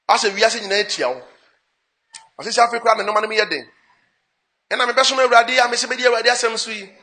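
Bright high-voiced man preaching. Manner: switches between English and Twi, dramatic swings in pitch and volume. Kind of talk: sermon with interpreter.

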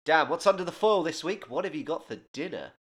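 Giggly podcast co-host with a high, bright voice, loves a silly role-play bit. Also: male voice, expressive, a little fast. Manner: giggly, playful, mock-official role-play. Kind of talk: casual banter.

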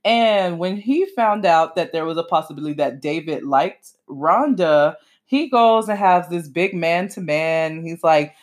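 A young woman giving a casual, opinionated monologue about a reality show, sassy and animated, her pitch swinging up and down for emphasis. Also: a little slow. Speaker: podcaster reviewing reality TV.

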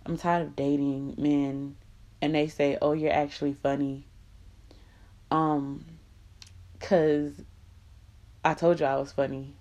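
A woman's voice: low voice, level tone, slow, long pauses, dark tone, highs cut off. A woman delivering an impassioned, profane monologue, blunt and emphatic with lots of repetition.

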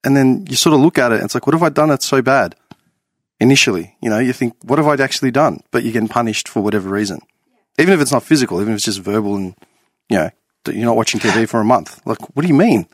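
A man's voice: lowish voice, expressive, very fast, no echo, studio quality. A man chatting casually as host, blunt and free with swearing. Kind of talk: casual chat.

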